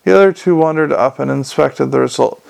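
Creaky-voiced man narrating an audiobook. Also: mid-range voice, fairly quick, a little mellow, a little hiss or hum.

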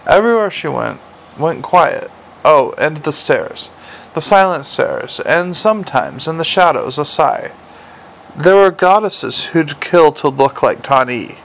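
A man's voice: fairly high pitch, animated, measured pace, creaky, a bit bright. A man narrating a comic novel aloud with a dry, wry delivery. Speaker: audiobook narrator.

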